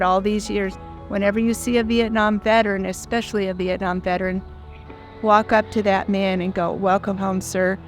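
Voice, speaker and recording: An older woman in her sixties tells her story in an earnest, heartfelt, plain-spoken way. Her voice sits at a middle pitch and stays quite flat and level. Soft music plays faintly behind her. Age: 60s. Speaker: foundation founder. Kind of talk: personal storytelling.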